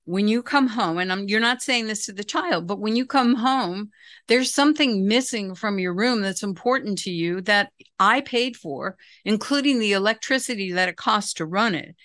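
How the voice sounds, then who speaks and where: A middle-aged woman, a parenting expert, calmly explaining advice in a casual talk and acting out what a parent might say. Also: medium pitch, normal speed, dry recording, studio quality. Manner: calm, explanatory, acts out quoted dialogue.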